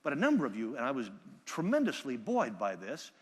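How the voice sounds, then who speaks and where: A man giving a live keynote speech from a conference stage, telling stories with energy and loud bursts when he quotes people. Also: medium pitch, wildly swooping pitch, brisk, husky, big-room sound. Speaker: keynote speaker. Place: large conference hall.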